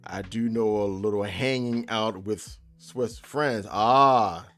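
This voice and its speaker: A man's voice: on the low side, takes it slowly, fairly bright tone. Male game-dev streamer, casual and joking, faint music underneath. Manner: loose, joking, laughs often, talks to chat. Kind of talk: casual live stream chat.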